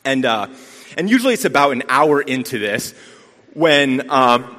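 Animated man preaching in an echoing hall. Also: medium pitch, measured pace. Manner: rambling storytelling, self-deprecating humor. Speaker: lay preacher. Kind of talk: sermon. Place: church sanctuary. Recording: long reverb of a church hall.

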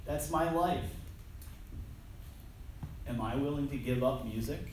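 In a distant recording washed in heavy hall echo and faint hiss, a man preaches in a darkish, mid-range voice at a measured pace. His sermon is conversational and loose, self-deprecating, with frequent restarts.

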